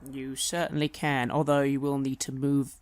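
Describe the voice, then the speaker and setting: A man's voice: mid-range voice, monotone, normal speed, clean tone. A man narrating a tabletop horror game as game master, telling the story dramatically.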